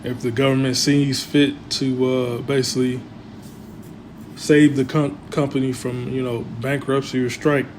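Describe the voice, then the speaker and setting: Male religious commentator, mid-pitch, rambling and filler-heavy; constant hum behind. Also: flat delivery, unhurried, a little mellow, rough recording.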